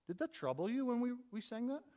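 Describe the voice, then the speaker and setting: A man preaching a sermon, swinging between loud emphatic reading and quiet, low asides to his congregation. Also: big pitch swings, fast, lo-fi sound. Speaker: pastor. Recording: long hall reverb.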